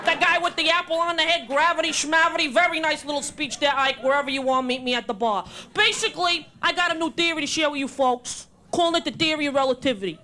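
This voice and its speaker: A woman's voice: sits high, fast, few pauses, slight background noise. Woman doing a crude cocky Brooklyn guy. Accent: New York. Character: man from Brooklyn with thick New York accent, crude and cocky. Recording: live club with loud crowd laughter.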